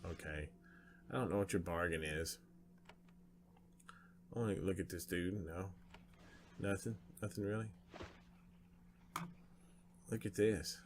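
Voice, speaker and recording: A man's voice: sits low, a little slow, long pauses, a little hiss or hum. A man with a Southern US accent, giving folksy, upbeat let's-play commentary as the show's host. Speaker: game streamer.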